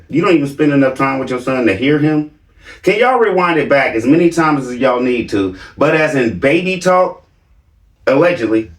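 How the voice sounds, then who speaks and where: A man's voice: fairly high pitch, a bit bright, reverberant, far from the mic. A man doing reaction commentary, mocking and theatrical, with a repeated catchphrase.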